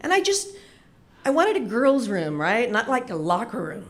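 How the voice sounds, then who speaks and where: A middle-aged woman telling a comedic personal story in an animated, lively way, swearing casually. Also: on the high side, normal speed.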